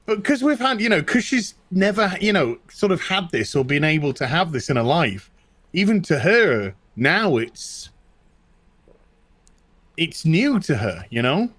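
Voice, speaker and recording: A middle-aged British man, co-hosting, chats casually and animatedly about his own experiences, repeating himself and starting over a lot. His voice is fairly high and unhurried, in a dry recording.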